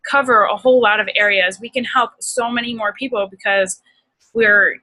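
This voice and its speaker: A woman's voice: mid-range voice, fairly even intonation, moderate pace, pushed and bright, rough recording. A young woman leading a team conference call, upbeat and rambling with many fillers. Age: young adult. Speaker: team leader.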